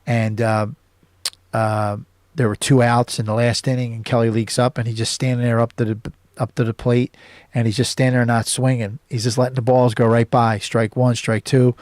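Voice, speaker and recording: A man's voice: mid-range voice, level tone, moderate pace, darkish tone, dry recording. A man hosting his own show, casually recapping a film scene by scene with many fillers and restarts. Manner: rambling recap with many fillers and self-corrections. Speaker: host.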